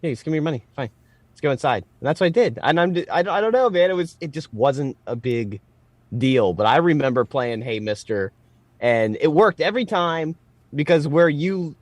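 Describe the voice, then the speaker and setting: A man's voice: on the high side, moderate pace, no room sound. A man telling rowdy stories as co-host of a casual comedy podcast, swearing freely. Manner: swearing, animated storytelling.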